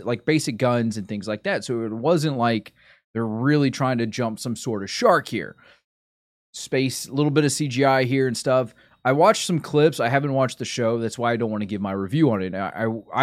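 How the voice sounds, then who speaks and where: A man's voice: mid-range voice, dry recording. Man, casual streamer chat, rambling, sidetracked, dry close sound. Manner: rambling, sidetracked, self-interrupting.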